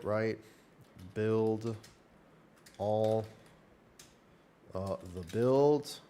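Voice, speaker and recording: Low-voiced man chatting on a stream. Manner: rambling, upbeat, reassuring to chat. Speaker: live streamer. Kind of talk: casual live-stream chat.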